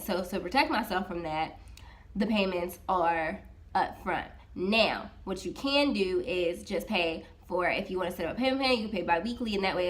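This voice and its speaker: A woman who works as a freelance social media manager, casually recounting a story to her camera with lots of "I was like" asides and acted-out dialogue. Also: mid-range voice. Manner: animated, retells dialogue with many "I was like" asides.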